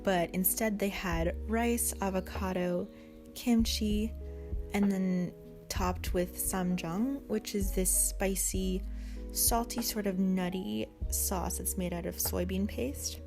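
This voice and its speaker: A woman's voice: mid-range voice, fairly even intonation, slow, music in the background. A woman in her twenties narrating a casual food vlog in a chatty, giggly way, full of fillers. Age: 20s. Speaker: vlogger.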